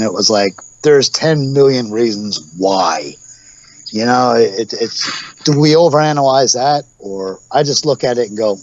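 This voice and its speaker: A man's voice: mid-range voice, animated, unhurried, no echo. Rambling forties man, dull lo-fi sound. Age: 40s. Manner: rambling storyteller, acts out quotes with laughs. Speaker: guest, professional wrestler. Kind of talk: casual podcast interview.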